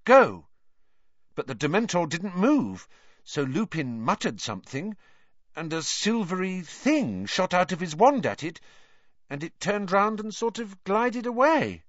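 A man's voice: high voice, sing-song, unhurried, no echo, voice pushed up, full character voice. A man voicing an earnest, clever teenage girl who explains eagerly, on a dull lo-fi recording. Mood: explaining.

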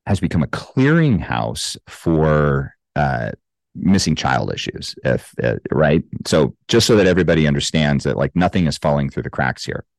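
A man, a guest on a podcast interview, explaining facts and figures in a measured but emphatic way. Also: extremely low pitch, very animated, vocal fry, dry recording, low-quality recording. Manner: measured, fact-heavy, emphatic with statistics. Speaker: guest, anti-trafficking organization co-founder.

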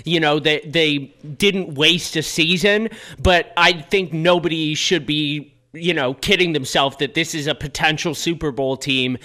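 Bright-voiced young podcast co-host. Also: male voice, a little high, fairly even intonation, a little slow, few pauses. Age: young adult. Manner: opinionated, blunt analysis. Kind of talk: casual sports chat.

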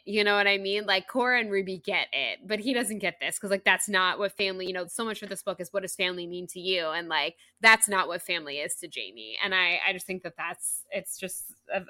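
A woman co-hosting a podcast, talking casually and at length about a book, with lots of fillers and a rambling, animated delivery. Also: on the low side, fairly quick, dry recording. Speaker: podcast co-host.

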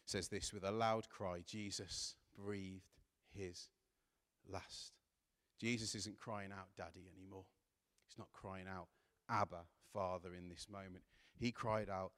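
Male preacher, earnest sermon delivery, low-ish voice, echoing church hall. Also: a bit bright. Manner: earnest, rising to impassioned emphasis while reading scripture. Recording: long hall reverb.

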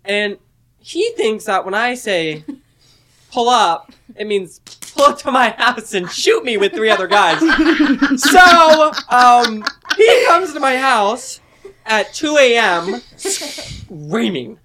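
A man's voice: very high voice, big pitch swings, slow, pushed and bright, a little hiss or hum. A man telling a story with lots of laughter in a casual chat.

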